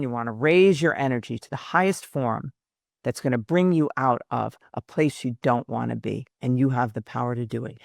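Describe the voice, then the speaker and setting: A woman hosting a self-help podcast, earnestly encouraging listeners and reciting slow, deliberate affirmations one by one. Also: a bass voice, no room sound, clean studio sound. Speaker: podcast host. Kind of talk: motivational self-help talk.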